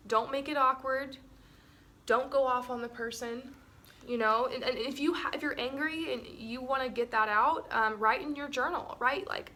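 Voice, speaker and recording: Sitting high, her voice is pushed and bright, with fairly even intonation at a normal speed. She chats casually with her partner as co-host of a relationship webinar, laughing often and filling her talk with "like" and "um".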